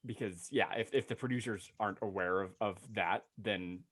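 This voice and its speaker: Relaxed man co-hosting an interview. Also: on the low side, husky. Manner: relaxed, halting with restarts. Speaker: co-host. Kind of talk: casual interview chat.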